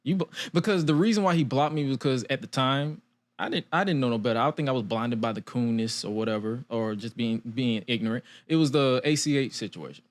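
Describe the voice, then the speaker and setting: A young man hosts a casual podcast chat. His voice sits at an ordinary middle pitch, and he tells stories in a loose way, acting out what people said. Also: fairly quick. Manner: loose, storytelling with quoted asides and frequent laughs. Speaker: podcast host.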